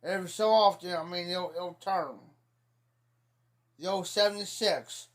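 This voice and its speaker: A man's voice: high-pitched, unhurried, fairly bright tone. A middle-aged man from Ohio telling rambling folksy stories on a casual livestream, repeating "I said" as he goes. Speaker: livestream host. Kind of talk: casual storytelling chat.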